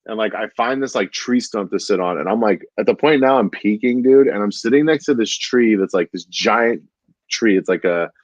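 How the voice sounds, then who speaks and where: A low-voiced man spinning a long, rambling anecdote full of "like" and "dude". The sound is dry and close, with no room to it. The recording is dull and lo-fi. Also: normal speed, no room sound. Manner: rambling, says "dude" constantly, many fillers. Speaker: stand-up comedian. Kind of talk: casual chat, storytelling.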